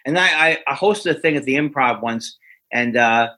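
A comedian, a man, telling a rambling, self-deprecating story with many halting restarts. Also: medium pitch, pushed and bright. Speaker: stand-up comedian, guest. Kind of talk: anecdotal storytelling.

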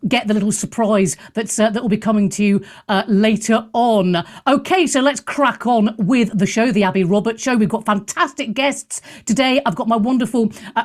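A woman hosting live radio from a studio in front of a camera, chatty and self-mocking with rambling asides. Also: on the high side. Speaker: radio show host. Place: studio room in London.

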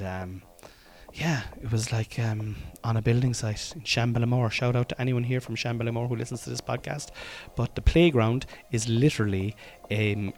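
A man in his thirties with a Cork Irish accent, hosting a podcast as a comedian in a loose, chatty, self-deprecating monologue full of fillers and restarts. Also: on the low side. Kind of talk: casual rambling podcast monologue.

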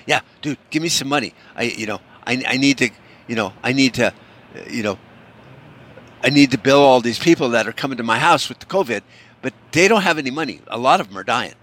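A man's voice: medium pitch, fairly quick, fairly bright tone, close to an everyday voice. A man putting on the voice of a broke male hustler who pleads for money and keeps repeating "dude.". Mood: urgent.

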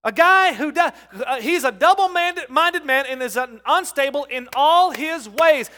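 A middle-aged man preaching a sermon, calling on the congregation and rising from soft talk to loud shouts. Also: extremely high pitch, lively intonation, measured pace. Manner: calls on the congregation to respond. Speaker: pastor.

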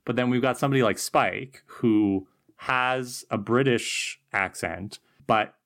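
A woman co-hosting a casual podcast, musing thoughtfully and chatting with quick asides. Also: very deep voice. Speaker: podcast co-host.

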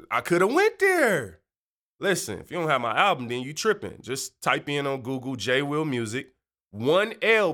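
This man's voice runs high with a sharp edge as he hosts a faith podcast. He talks in a chatty, slangy monologue, drifting onto side topics and playfully switching into joke voices.

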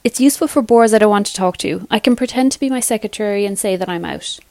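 A woman's voice: medium pitch, fast, darkish tone, no echo, natural voice. A woman reading aloud as a harried, overworked woman who is short-tempered about Christmas. She talks in curt, sarcastic bursts, and the voice is close and dry with no room sound. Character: stressed, snappish woman juggling work and Christmas.

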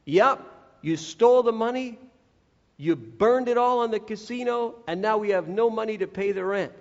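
A high-voiced man preaching an earnest sermon, talking straight to his listeners and acting out the voices he quotes. His voice rings through a large hall with a long echo. The recording is dull and lo-fi. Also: normal speed. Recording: echoey hall, dull lo-fi sound.

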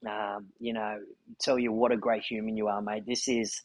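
A man's voice: fairly low pitch, flat delivery, moderate pace, darkish tone, poor audio. A man hosting a podcast, telling a story in an earnest, heartfelt way. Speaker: podcast host. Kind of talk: casual chat.

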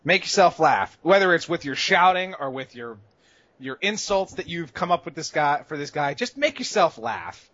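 A man giving casual advice on a podcast, animated, swinging between loud bursts and quiet asides, with some swearing. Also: fairly high pitch, normal speed, no echo. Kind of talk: casual advice chat about gaming rage. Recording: dull, slightly lo-fi dry sound.

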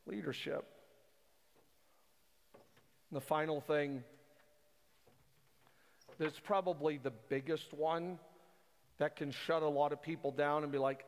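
A man's voice: a little high, creaky. A male pastor preaching a sermon in a large church hall, talking conversationally and acting out his listeners' doubts. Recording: long hall reverb, faint music.

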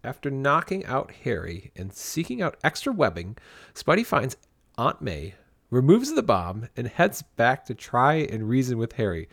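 A man co-hosting a casual podcast, recapping a story in an animated way and often laughing. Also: mid-range voice, normal speed, vocal fry, no echo, clean studio sound. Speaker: podcast co-host. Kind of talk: casual comic book podcast chat.

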